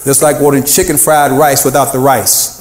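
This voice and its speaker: A man preaching a sermon as pastor, animated, calling out to the congregation and half-singing some phrases. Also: medium pitch, moderate pace, slight background noise. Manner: animated preaching with call-and-response and sung phrases. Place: church sanctuary. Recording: echoey church room.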